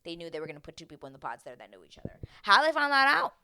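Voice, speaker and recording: A woman's voice: fairly low pitch, big pitch swings, racing, pushed and bright, clean tone. A young woman hosting a casual reality-show recap, chatting loosely, acting out quotes and swearing now and then. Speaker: TV recap host.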